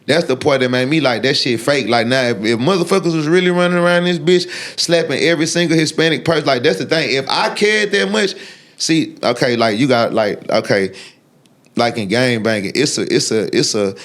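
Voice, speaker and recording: A man talks in an unfiltered interview. He is blunt and profane, and he rambles with frequent restarts and fillers at a middle pitch. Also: fairly quick, a bit bright. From Texas. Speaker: guest. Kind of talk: unfiltered sit-down interview talk.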